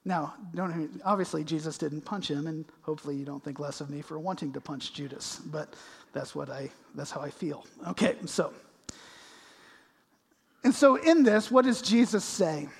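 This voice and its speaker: High-voiced pastor in an echoey hall. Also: male voice, gravelly, slightly rough. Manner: swings from hushed to loud, slows for scripture. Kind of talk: sermon. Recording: echoey hall with long reverb.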